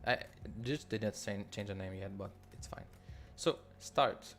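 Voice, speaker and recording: A man from Quebec with a Quebec French accent, leading a live coding walkthrough in a halting, think-aloud way with frequent restarts. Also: on the low side, a bit bright, faint music behind. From Quebec, Canada. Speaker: developer leading a builder session.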